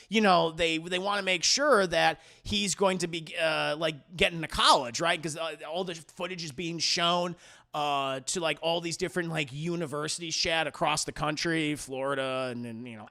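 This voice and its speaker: A young man rambles through a movie review for his live chat, swearing and piling up fillers. His voice sits high, with a gravelly rasp and a bright, sharp tone. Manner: rambling and profane, full of fillers.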